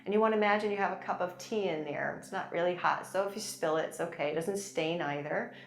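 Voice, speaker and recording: Gentle low-voiced woman guiding chair yoga. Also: fast talker, creaky. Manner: gentle and encouraging, with light laughs. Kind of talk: guided yoga class instruction. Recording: echoey room with soft music. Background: soft background music.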